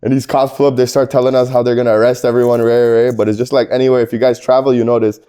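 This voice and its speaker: A young man with a mellow, dark-toned voice spins loose, profane road stories in casual chat. He talks in an easy, laid-back way, his pitch sitting in the middle range. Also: level tone, very fast, smooth. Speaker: rapper guest.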